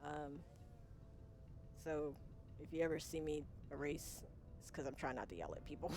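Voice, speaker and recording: Chatty American woman streamer, lowish voice. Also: lively intonation, normal speed, long pauses, a little mellow, soft background music. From United States. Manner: chatty and rambling, laughs often between remarks. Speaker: game streamer. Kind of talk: casual live-stream chat with viewers.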